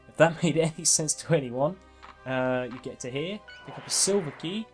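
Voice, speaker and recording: A man's voice: on the high side, moderate pace, soft background music. A man hosting a game walkthrough in casual gameplay commentary, chatty and self-mocking, laughing often.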